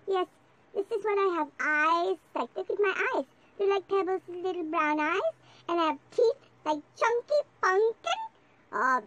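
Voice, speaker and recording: A performer voicing a lovesick little creature who wishes to become human, in a high whiny put-on voice. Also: a bit bright, heavily acted. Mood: eager. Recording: noisy home video recording.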